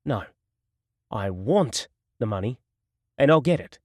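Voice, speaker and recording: A man's voice: mid-range voice, very animated, measured pace, dry recording, studio quality. A man voicing a sadistic male gangster interrogator who taunts and threatens in a mocking, menacing way, from an audiobook. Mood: cold menace. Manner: mocking, menacing, swings to shouting.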